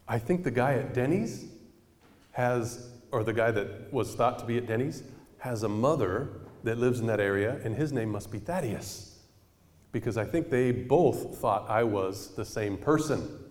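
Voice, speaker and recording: A man's voice: medium pitch, normal speed. Man preaching in a ringing hall. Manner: conversational, animated, addresses audience with questions. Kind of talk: storytelling sermon.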